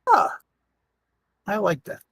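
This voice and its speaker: A man's voice: takes it slowly, a bit bright, dry recording. A man playing in a tabletop game, teasing and playful in casual chat. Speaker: player.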